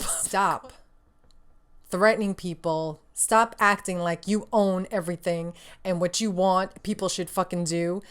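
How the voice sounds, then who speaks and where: A woman's voice: on the low side, steady tone, unhurried, clean tone. Sassy, profane woman gaming host. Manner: profane, sassy, laughs often, exasperated. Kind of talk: casual gaming news rant.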